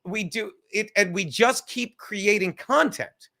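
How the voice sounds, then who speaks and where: A man hosting a casual livestream chat, rambling and excitable, swearing a lot and laughing often. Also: sits high, unhurried. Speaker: podcast host.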